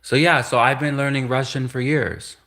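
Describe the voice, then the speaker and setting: A young man from Canada talking straight to his channel in a loose, rambling monologue. He jokes and teases sarcastically, trips over his own sentences and restarts them. His voice sits at an everyday middle pitch. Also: fairly even intonation, normal speed, creaky, fairly bright tone. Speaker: vlogger.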